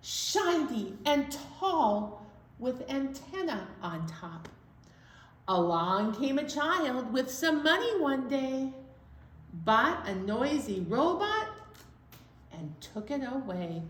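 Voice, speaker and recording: A woman hosting a children's storytime, reading a counting story in a sing-song, drawn-out way with playful asides to young listeners. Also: high-pitched, big pitch swings. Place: library room. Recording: echoey room.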